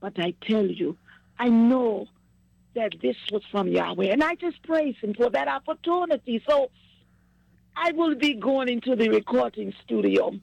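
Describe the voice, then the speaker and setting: A woman's voice: a little high, expressive, moderate pace, vocal fry, a little mellow, dull audio. A woman chatting with family about her travels and faith, effusive and repetitive, sliding into a preachy tone. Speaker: singer sharing news with family. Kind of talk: casual chat.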